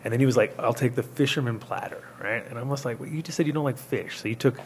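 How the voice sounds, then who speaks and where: A man's voice: mid-range voice, fast, slight background noise. A man from Rhode Island hosting a show, telling rambling, laughing stories in casual, swearing chat. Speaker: host.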